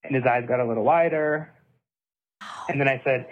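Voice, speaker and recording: A man's voice: mid-range voice, moderate pace, pauses often. A man earnestly recounting a personal story, often quoting what he and others said. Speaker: interviewee recounting events. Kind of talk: personal account, clip played on a podcast. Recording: tinny phone-like audio.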